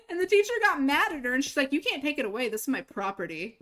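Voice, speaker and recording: A woman's voice: sits high, very animated, fairly quick, fairly bright tone. A young woman streamer telling a story in casual chat, swearing freely, laughing and acting out quoted lines. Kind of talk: casual storytelling while gaming.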